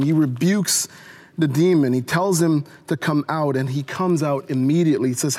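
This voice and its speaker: A male pastor delivering a sermon in an earnest way, often restarting his phrases. His voice sits high for a man. A long hall reverb trails after his words. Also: normal speed, a little mellow. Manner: earnest preaching with repeated restarts, asks the congregation to respond.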